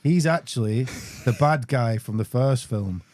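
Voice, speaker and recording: A man with a mellow, relaxed voice trades playful, enthusiastic banter as a podcast guest. The sound is dry and close to the mic. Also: medium pitch, measured pace, no echo. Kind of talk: casual chat.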